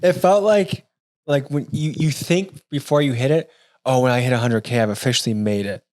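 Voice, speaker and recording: Measured male podcast host, dry sound. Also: medium pitch, a little mellow, dry recording. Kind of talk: interview questions.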